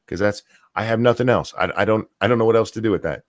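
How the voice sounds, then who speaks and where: Reading viewer comments out loud, a middle-aged live stream host rants profanely and talks fast. His lowish voice comes through clean, studio-quality audio without any echo.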